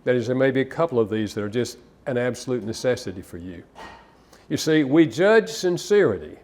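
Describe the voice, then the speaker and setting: A man's voice: medium pitch, lively intonation, brisk, a little mellow. A man counselor giving a live seminar talk to an audience, conversational and anecdotal, with occasional restarts. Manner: conversational, storytelling, some repeated restarts.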